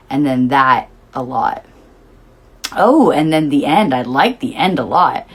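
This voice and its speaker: A woman's voice: extremely low pitch, animated, measured pace, breathy edge. A woman hosting her own show, rambling casually and eagerly, with lots of "like" fillers. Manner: rambling, full of "like" fillers, enthusiastic. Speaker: host. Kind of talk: casual musing monologue.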